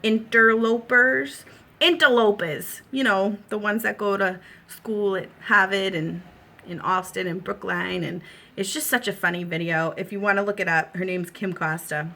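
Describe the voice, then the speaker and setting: This woman's low, gravelly voice is bright and forceful, with little pitch movement and a moderate pace. She's in her thirties, has a Boston accent, and hosts a casual home makeup tutorial, reassuring the viewer in a chatty way full of fillers.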